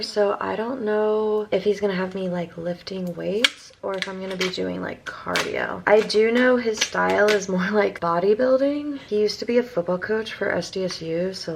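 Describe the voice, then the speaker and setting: A young woman from Maryland, hoarse with her voice mostly gone, rambling through a casual vlog story with lots of fillers. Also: medium pitch, noisy background. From Maryland, USA. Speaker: vlogger.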